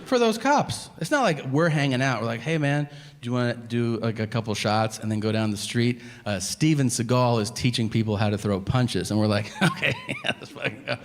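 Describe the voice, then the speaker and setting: A male stand-up comedian in his forties, telling animated, profane stories on a club stage and slipping into voices for the people in them. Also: mid-range voice, fairly quick, long reverb tail. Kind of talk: stand-up routine. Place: comedy stage before a laughing audience. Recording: noisy live club recording.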